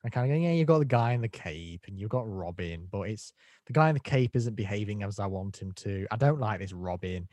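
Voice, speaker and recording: A man's voice: fairly low pitch, expressive, a little fast, darkish tone, dry recording. Blunt opinionated man, dry mic. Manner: blunt, opinionated, mimics voices when quoting. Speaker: podcast co-host. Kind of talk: casual film review chat.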